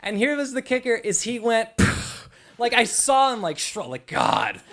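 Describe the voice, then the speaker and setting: A young man telling a personal story live on stage, in an animated, conversational way with lots of "like". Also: extremely high pitch, moderate pace.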